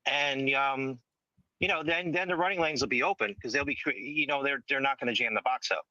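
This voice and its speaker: A man's voice: mid-range voice, fairly quick, sharp tone, no echo. A man calling in to a talk show from a tent in a mine, making his point emphatically and checking "okay?". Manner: emphatic, keeps asking "okay?". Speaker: caller. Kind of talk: phone-in opinion. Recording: dull lo-fi call audio.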